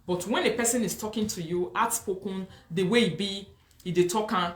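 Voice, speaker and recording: A woman's voice: mid-range voice, a little fast, echoey room. A woman with a Nigerian accent hosting a live talk show. She reads viewer comments and makes emphatic, preachy points, mixing Pidgin and English and repeating herself.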